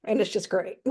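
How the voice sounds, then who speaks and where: A woman's voice: on the high side, mellow, slightly rough. A woman author chatting casually as a guest, with lots of fillers and easy laughter. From North Carolina. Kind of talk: casual chat.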